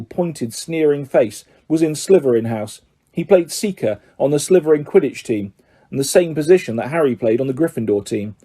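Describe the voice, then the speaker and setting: Mellow, husky male audiobook narrator. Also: medium pitch. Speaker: audiobook reader.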